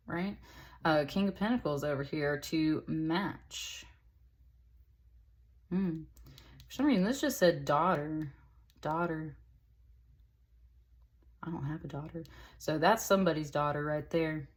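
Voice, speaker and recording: A woman's voice: sits low, a little slow, long pauses. A woman giving a casual tarot reading, chatty and rambling, with lots of fillers. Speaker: tarot reader.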